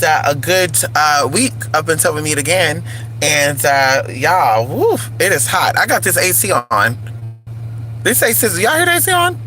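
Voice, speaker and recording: A man's voice: a little high, sharp tone, a little hiss or hum, poor audio. A man vlogging in casual chat, playful and crude, calling his viewers honey and y'all.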